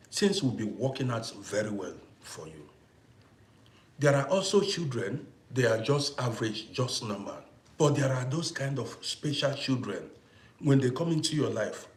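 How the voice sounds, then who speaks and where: Forceful man live streaming. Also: medium pitch, reverberant. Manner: forceful, preachy, thanks viewers for gifts. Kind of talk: casual livestream monologue.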